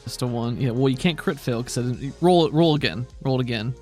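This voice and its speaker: A man's voice: medium pitch, fast, darkish tone, soft background music. A man narrating as game master in a tabletop game, with playful, descriptive banter.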